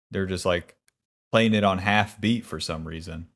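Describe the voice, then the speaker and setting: A man's voice: low-pitched, moderate pace, a bit bright. A man streaming a video game, chatting casually with a wry, profane, grumbling manner. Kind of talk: casual gaming stream chat.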